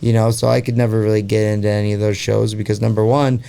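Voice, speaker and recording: Gravelly, dark-voiced podcast host man. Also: fairly low pitch, little pitch movement, fast. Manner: rambling, heavy on fillers like "like" and "you know"; swears freely. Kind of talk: casual podcast chat.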